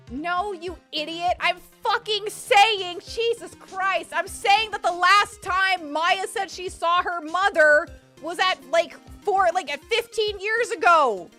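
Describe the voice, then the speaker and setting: High, bright, animated woman streamer. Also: slow, faint music behind. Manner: animated, swearing, mock-angry rants. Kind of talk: live game playthrough commentary.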